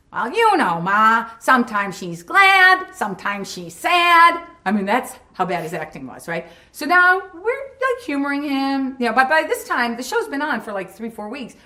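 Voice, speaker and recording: Woman cast member, anecdotal interview; bright, animated storyteller who acts out scenes. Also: a little high. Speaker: sitcom cast member recalling a shoot.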